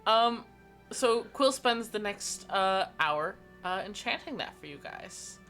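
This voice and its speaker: A woman running a tabletop game as game master, playful and quick to laugh, sometimes dropping into character voices. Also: medium pitch, animated, bright, forceful tone, soft background music.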